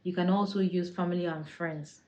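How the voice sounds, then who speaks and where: A woman's voice: on the low side, fairly even intonation, moderate pace, mellow, lo-fi sound. A young adult woman talking to camera as a vlogger, giving casual tips in a sassy, chatty way that laughs easily.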